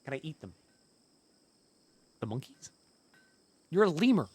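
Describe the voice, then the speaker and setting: Lively man streaming a game. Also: on the high side, a little slow, slightly rough. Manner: chatty, answers chat, swears casually. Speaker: gaming streamer. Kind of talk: casual live-stream commentary.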